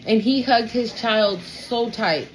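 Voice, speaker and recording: A woman's voice: on the high side, slow, slight background noise, low-quality recording. Chatty, cussing woman telling a story. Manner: chatty, profane, keeps asking "right?". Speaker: tarot reader addressing a collective. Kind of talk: casual storytelling.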